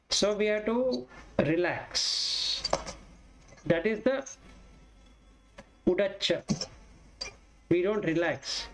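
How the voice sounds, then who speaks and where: Dharma teacher, male, raised pitch, plain examples and chanted Pali verses. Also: slight background noise, low-quality recording. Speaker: Buddhist Dhamma teacher.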